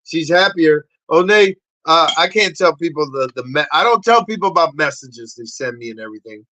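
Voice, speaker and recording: A middle-aged man hosting a casual livestream. He shouts greetings and shout-outs to viewers, then drops into low, quiet asides. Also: expressive, a little fast, slight background noise, low-quality recording. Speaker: livestream host.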